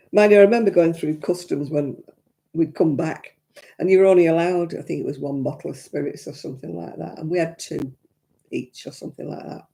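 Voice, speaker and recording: A woman's voice: low-pitched, a little fast, creaky, dark tone. A woman hosting a casual craft live stream, telling stories in a chatty, self-mocking way and laughing between them.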